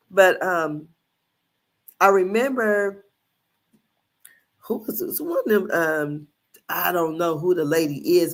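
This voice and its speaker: A middle-aged woman from Indiana hosting a casual recap show, chatty and rambling, often laughing as she tells stories. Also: deep voice. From Indiana, USA. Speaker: podcast host. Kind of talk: casual commentary.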